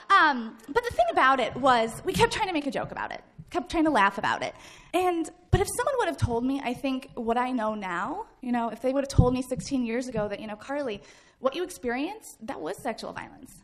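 A woman in her thirties tells a personal story to a live audience. Her voice sits high and sounds bright. She tells it with energy, acts out shouts and laughs along the way. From Midwest United States. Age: 30s. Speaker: guest speaker.

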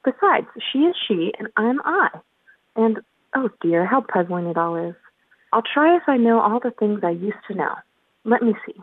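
A woman's voice: mid-range voice, animated, normal speed, no room sound, natural voice. A woman voicing a puzzled, earnest little girl in a storybook reading, talking to herself in a wondering, fussy way. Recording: tinny phone-like line.

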